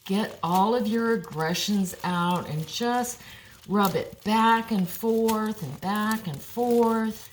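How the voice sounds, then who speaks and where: A woman's voice: mid-range voice, takes it slowly, a little hiss or hum. Chatty older woman in an echoey kitchen. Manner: chatty, encouraging, talks to viewers and her dog. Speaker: cooking demonstrator. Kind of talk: chatty cooking demonstration. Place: home kitchen. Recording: echoey kitchen, mic far off, clattering pots. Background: dishes and pans clattering.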